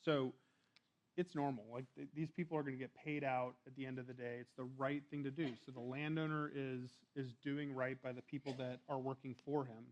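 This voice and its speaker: Male preacher, easygoing conversational sermon, middle pitch, a bit lo-fi. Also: little pitch movement, brisk. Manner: conversational, restarts and fillers, reads scripture aloud.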